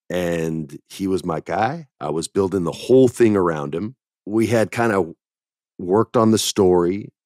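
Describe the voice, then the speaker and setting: A middle-aged man hosting a podcast, chatting casually and telling stories with animated emphasis. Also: deep voice, no echo, clean studio sound. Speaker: podcast host. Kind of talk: casual chat.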